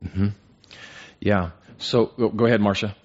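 Heard on a muffled, dull lo-fi recording, this Bible study teacher keeps a steady tone and a measured pace in his somewhat low voice. He leads the class by asking questions and often restarts phrases with doubled words.

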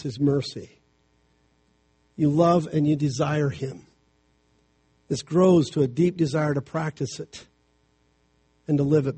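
A man's voice: fairly high pitch, mellow, breathy edge. A middle-aged man preaching a sermon as a family counselor, mixing scripture with homely stories in a conversational way. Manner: conversational, storytelling preaching with quick asides.

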